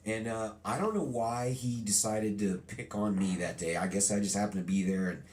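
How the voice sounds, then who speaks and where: A middle-aged man being interviewed, telling a childhood story in a lively storytelling way and acting out remembered lines. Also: lowish voice, moderate pace. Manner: animated storyteller, acts out quotes. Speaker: guest.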